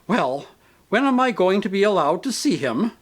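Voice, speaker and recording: A man voicing a grieving woman ghost, a possessive mother who talks in a sharp, demanding, indignant way, for a storybook reading. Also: sits high, sing-song, normal speed, pitched above the performer's own voice. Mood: sharp, impatient. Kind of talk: audiobook character reading.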